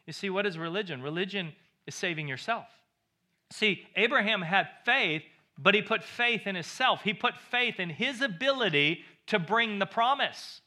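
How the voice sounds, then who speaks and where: A man's voice: sits high, lively intonation, normal speed, pushed and bright. A male pastor preaching a sermon, emphatic and repeating phrases for stress.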